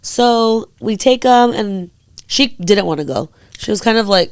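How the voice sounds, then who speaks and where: A young woman co-hosting a chatty podcast, telling a story with lots of energy. She swears freely and slips into the voices of the people she quotes. Her voice sits at a middle pitch, recorded close and dry with almost no room sound. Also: expressive, a little slow, clean tone, no room sound. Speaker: podcast co-host. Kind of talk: casual storytelling chat.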